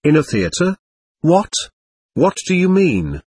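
A proud, emotional young society woman, read by a man in an audiobook. Her lines come out impulsive and exclamatory, in a lively, swooping delivery. The voice is husky and dry, close to the mic. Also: medium pitch, moderate pace, no room sound. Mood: indignant. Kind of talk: audiobook character reading.

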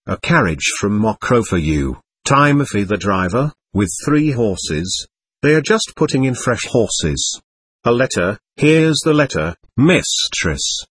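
A man voicing a breathless, joyful young maidservant in a storybook reading, hurried and excited. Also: lowish voice, breathy edge, dry recording, clean studio sound, heavily acted.

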